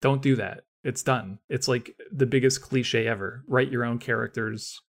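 A man's voice: mid-range voice, fairly even intonation, normal speed. A man co-hosting a podcast, chatting casually and ranting with animation about writing, laughing often. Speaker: podcast co-host.

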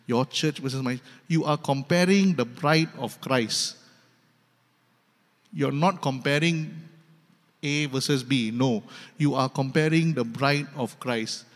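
A man's voice: mid-range voice, unhurried. A male pastor with a Malaysian English accent preaching a sermon in an emphatic, repetitive, humorous way. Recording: long hall reverb.

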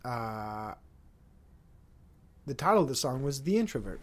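A man's voice: medium pitch, very animated, measured pace, pauses often, darkish tone. Rambling profane man hosting a solo podcast. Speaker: podcast host.

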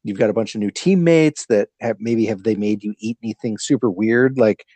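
Man, podcast host, mellow tone, relaxed chatty questions, dry close sound. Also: on the low side, fairly quick, no room sound. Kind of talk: casual podcast chat.

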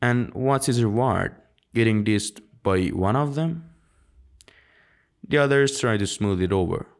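Amateur audiobook reader, man; unhurried, halting, restarts words often. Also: on the low side, creaky. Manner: halting, frequent slips and restarts.

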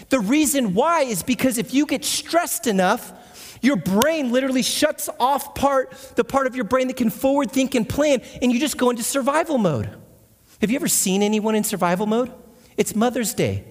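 A man preaching as a guest speaker, and his voice sits unusually high. He talks to the congregation in a conversational way and often asks them questions. The sound rings with the long reverb of a large hall. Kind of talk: sermon. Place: church.

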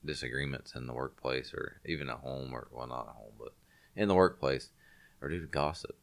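A man's voice: extremely low pitch, brisk, vocal fry. A congested man in casual podcast chat, rambling and restarting his sentences often. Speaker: podcast co-host.

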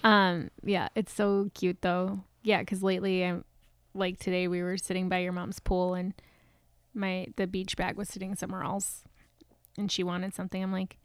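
A woman in her thirties co-hosting a podcast, chatting in an animated way. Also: on the low side, moderate pace, smooth, no room sound. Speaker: podcast co-host. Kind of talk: casual chat.

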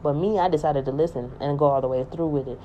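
A woman's voice: low-pitched, fast talker, highs cut off, slight background noise. A woman in a casual spiritual monologue, rambling and emphatic, often repeating herself.

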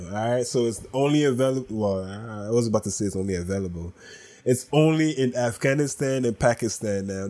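A man with a cold talks through a solo podcast in a nasal, stuffed-up voice at an ordinary middle pitch. He rambles loosely and stops to correct himself partway through sentences. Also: a little mellow. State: congested, sick with a cold. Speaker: podcast host. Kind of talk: casual solo podcast monologue.

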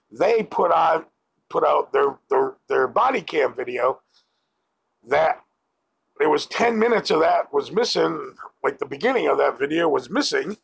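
A man's voice: fairly high pitch, creaky, fairly bright tone, breathy edge, poor audio. A man giving a blunt, profane opinion rant to camera as a vlogger.

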